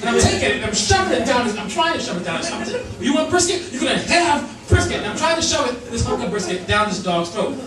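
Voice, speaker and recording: A male comedian tells a long story on stage, jumping into voices and laughing through his lines. His voice sits high and swings widely in pitch. The sound is distant and roomy, with an audience laughing behind him. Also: big pitch swings, rapid-fire, few pauses. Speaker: stand-up comedian. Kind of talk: stand-up storytelling. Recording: echoey club sound from far off with crowd.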